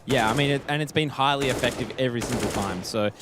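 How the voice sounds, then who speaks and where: A man's voice: medium pitch, noisy background. Man calling esports play-by-play. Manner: steady, measured calls with frequent fillers. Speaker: esports caster. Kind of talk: play-by-play commentary.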